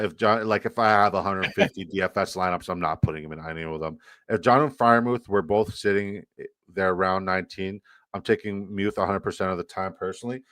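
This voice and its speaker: A man hosting a live fantasy football draft stream, talking fast in joking, profane banter. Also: deep voice, fairly bright tone, no room sound.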